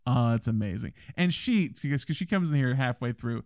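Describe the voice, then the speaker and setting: A man's voice: medium pitch, animated, fairly quick, no room sound, studio quality. A man co-hosting a film podcast in casual chat, acting out movie lines in playful put-on voices. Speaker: podcast co-host.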